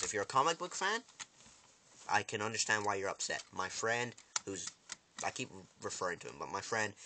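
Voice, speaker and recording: A man excitedly recapping a TV episode in a casual vlog, rambling with restarts and acting out characters' lines. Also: background noise. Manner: animated storyteller, acts out lines with big loud jumps in pitch; rambling, many restarts and fillers.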